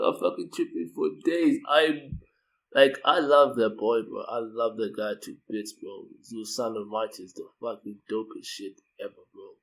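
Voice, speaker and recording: A man telling a personal story in loose, profane slang, getting loud and high-pitched when he quotes himself. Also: moderate pace, poor audio. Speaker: video storyteller. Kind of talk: casual spoken storytelling.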